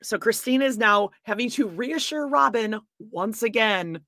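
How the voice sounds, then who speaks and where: A woman's voice: fairly high pitch, animated, measured pace, bright, forceful tone, no room sound, studio quality. A woman co-hosting a podcast in casual chat, teasing and self-deprecating. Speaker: podcast co-host.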